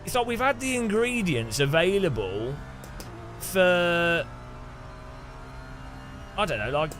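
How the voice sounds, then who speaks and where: A man's voice: on the high side, fairly bright tone. A man hosting a casual sim racing gameplay commentary, rambling and joking and laughing often between thoughts. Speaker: sim racing channel host.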